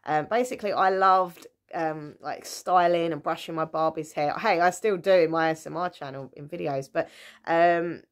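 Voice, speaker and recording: A woman in her thirties tells stories from her childhood in a relaxed, chatty way. Her voice sits a little low, and she often laughs at herself, stops to correct herself, and pads her lines with ums. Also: normal speed. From England. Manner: chatty, giggly, self-mocking, many fillers. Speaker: vlogger. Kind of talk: casual storytime chat.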